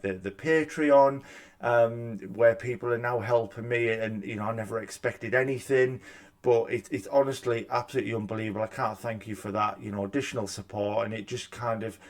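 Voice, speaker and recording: A man, a gaming YouTuber talking in a casual, chatty, self-deprecating way at a desk mic in a room at home. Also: lowish voice. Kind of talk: casual reaction vlog. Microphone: desk microphone.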